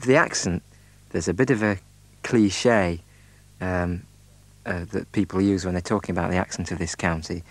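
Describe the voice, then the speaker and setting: Deep-voiced hesitant man. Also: steady tone, dry recording. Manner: hesitant, many ums and uhs, measured. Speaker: speaker describing his home county. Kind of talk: unscripted spoken description.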